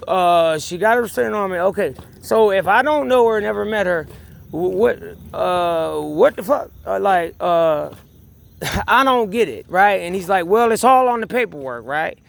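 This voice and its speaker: A man with a high, gravelly voice tells his side of a story in a rambling rant. He sounds agitated and swears freely, circling back to repeat his point and restarting his sentences. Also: unhurried. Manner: agitated, profane, repeats himself, many restarts. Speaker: vlogger. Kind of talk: rambling personal rant to camera.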